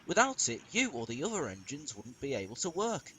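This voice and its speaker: A man's voice: mid-range voice, wildly swooping pitch, fairly quick, fairly bright tone, a little hiss or hum, pitched above the performer's own voice. A man voicing a male railway fireman in a fan-made story, in a scolding manner.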